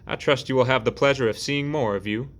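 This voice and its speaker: A man's voice: mid-range voice, a little fast, voice pushed up, close to an everyday voice. A man voicing a courteous middle-aged former Confederate officer with a Southern accent, speaking formally, in an audiobook. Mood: grave.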